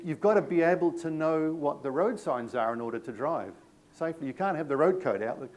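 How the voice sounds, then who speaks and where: A man's voice: fairly high pitch, a little mellow. A middle-aged man from New Zealand with a New Zealand accent, leading a live training session in a chatty way, telling stories with dry humour. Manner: conversational, anecdotal, self-deprecating humour. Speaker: workshop presenter.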